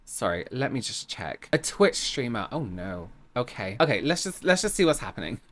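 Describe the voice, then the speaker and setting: A woman's voice: rumbling low, sing-song, moderate pace. A woman with an English accent hosting a reaction video, commenting in a sarcastic, exasperated way.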